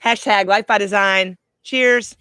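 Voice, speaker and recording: Woman, middle-aged, life coach, heartfelt reflective monologue, medium pitch, dry sound. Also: steady tone, pushed and bright, smooth, no echo. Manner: heartfelt, slow and emphatic in places. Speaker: life coach, podcast host.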